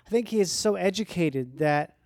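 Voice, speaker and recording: A woman's voice: lowish voice, lively intonation, moderate pace, darkish tone, dry recording. Chatty woman host, dry close sound. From Minnesota. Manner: chatty, playful, jumps into silly voices. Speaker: podcast host. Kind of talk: casual chat.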